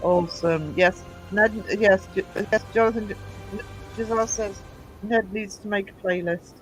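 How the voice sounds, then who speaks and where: Male stream host, high-pitched, chatty, self-deprecating, faint music under. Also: steady tone, normal speed. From England. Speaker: livestream host. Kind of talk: casual chat reading viewer comments.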